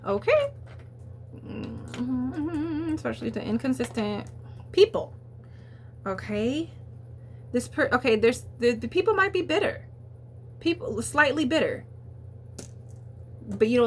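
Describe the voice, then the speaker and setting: A young woman giving a casual tarot reading, talking in a chatty, animated way with lots of fillers and the odd swear, laughing at her own asides. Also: a little high, unhurried, pauses often, slight background noise. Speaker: tarot reader.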